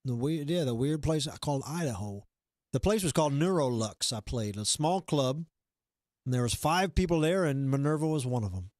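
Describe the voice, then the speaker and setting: A man's voice: mid-range voice, expressive, moderate pace, darkish tone, dry recording, studio quality. A man hosting a livestream, chatting loosely and reading out viewer comments in a rambling, self-deprecating way. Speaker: livestream host. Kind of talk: casual chat.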